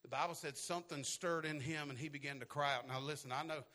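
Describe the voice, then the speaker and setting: A male preacher with a high, bright, forceful voice. He preaches in repeating phrases, swelling into shouted, half-sung climaxes and dropping to a hush in between. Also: fairly even intonation, quick pace. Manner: drops to a hushed, quiet voice at times. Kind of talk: sermon.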